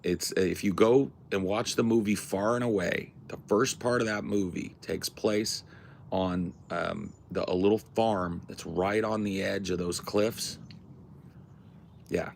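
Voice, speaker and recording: A man's voice: low-pitched, a little slow, gravelly, slight background noise. A man hosting a livestream, chatting casually with his viewers in a rambling, slangy way with plenty of swearing. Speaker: livestream host. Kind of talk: casual chat with a live chat.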